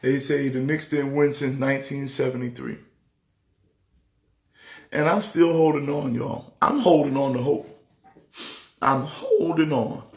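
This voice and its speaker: A man who is a pastor, talking sports casually in an excitable way, repeating words with a preacher's rhythm. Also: mid-range voice, a little slow, long pauses, roomy sound. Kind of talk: casual sports talk show.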